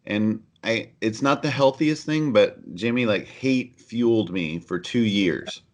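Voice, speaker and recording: A middle-aged man with a very low, deep voice speaks as a podcast guest. He tells his story earnestly and candidly, filling his speech with "uh" and restarts. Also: a little slow. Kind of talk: conversational storytelling.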